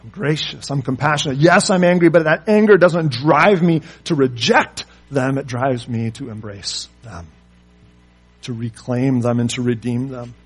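A man preaching a sermon, pressing his listeners with rhetorical questions and moving between loud emphasis and quiet asides. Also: mid-range voice, normal speed, husky, soft background music. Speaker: pastor.

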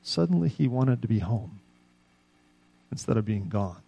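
A male pastor preaching a sermon, telling stories and dropping soft at the ends of lines. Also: on the low side, animated, measured pace, creaky, no room sound, rough recording.

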